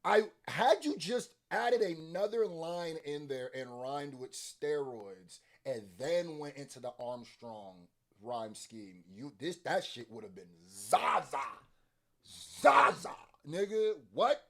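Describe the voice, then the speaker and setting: Excitable man hosting a rap reaction. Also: on the high side, takes it slowly, few pauses. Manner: animated and excitable, often laughs and swears; scores bars with playful points and deductions. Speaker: reaction video host. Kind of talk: casual commentary reacting to a rap song.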